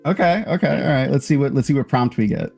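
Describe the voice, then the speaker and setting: Gravelly-voiced man hosting a livestream. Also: medium pitch, fast, a little mellow, soft background music. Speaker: livestream host. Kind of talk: casual charity livestream chat.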